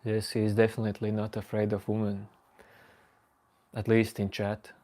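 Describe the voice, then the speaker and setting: A man's voice: lowish voice, monotone, normal speed, warm tone. A man hosting a late-night livestream, casually teasing and joking with his chat viewers. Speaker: livestream host.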